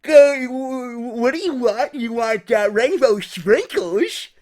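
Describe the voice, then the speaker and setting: A man's voice: extremely high pitch, lively intonation, darkish tone, voice pushed up, full character voice. A man voicing a timid young female clerk who speaks hesitantly. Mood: flustered. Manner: hesitant, halting.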